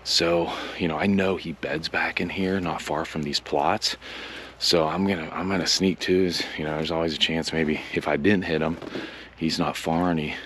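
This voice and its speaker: A man, a professional hunter, filming himself outdoors in wet woods and narrating in a low, hushed voice with halting restarts. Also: fairly even intonation, a little hiss or hum. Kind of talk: self-filmed hunting narration.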